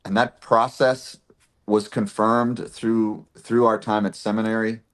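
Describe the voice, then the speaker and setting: A man telling stories from his life in a casual interview, animated and full of restarts. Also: fairly low pitch, measured pace. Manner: animated storyteller, frequent restarts and laughs. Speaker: podcast guest, pastor and actor.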